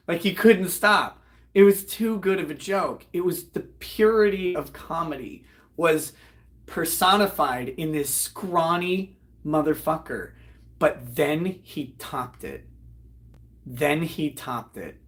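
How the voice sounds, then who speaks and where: A man, host of a live online show, retelling a comedy act in a loud, profane, animated way and breaking into laughter. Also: on the high side. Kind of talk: casual storytelling on a livestream.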